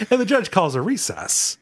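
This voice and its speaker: A man's voice: high voice, fairly bright tone, husky. A man co-hosting a podcast in casual chat, playful and giggly in his banter. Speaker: podcast co-host.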